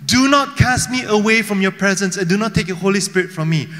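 Man preaching, high ringing voice, storyteller style, rhetorical questions, church hall reverb. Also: brisk, fairly bright tone, soft background music. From Malaysia. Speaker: pastor. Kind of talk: sermon.

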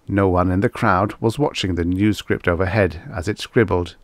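Man, audiobook narrator, low voice, lively intonation, measured storytelling, dry close recording. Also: no room sound. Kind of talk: reading vintage science fiction aloud.

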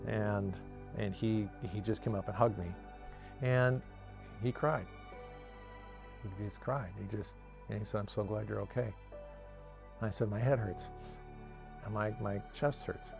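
A middle-aged man from Washington State giving an earnest, reflective personal testimony, pausing and restarting as he remembers. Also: on the low side, vocal fry. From Washington State, USA. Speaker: storyteller sharing his life story. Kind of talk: personal testimony told from memory. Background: soft cinematic music.

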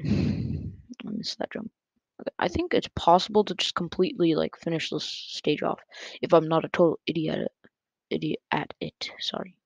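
An excitable gaming YouTuber talks through a run with chatty, self-correcting commentary and a gravelly edge. The close mic catches breaths. The sound is dull, lo-fi and dry. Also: medium pitch, no room sound. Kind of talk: casual gameplay commentary. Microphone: close desk mic picking up breath.

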